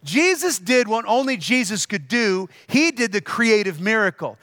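A male pastor delivering a sermon in a high, bright voice. He tells stories and drives his points home by repeating them. The sound is dry and close. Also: animated, moderate pace, no echo. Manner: storytelling preacher, repeating key phrases with emphasis.

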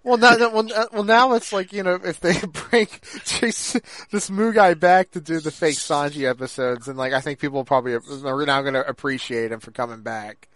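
A man co-hosting a casual podcast, talking haltingly with repeated words and laughter. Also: fairly high pitch, a bit bright. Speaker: podcast co-host.

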